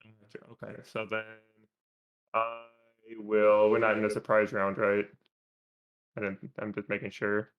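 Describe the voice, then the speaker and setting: Low, gravelly man on a dull mic. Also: unhurried, pauses often. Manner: relaxed, slangy, unsure of the tools. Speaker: player. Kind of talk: casual game chat over voice call.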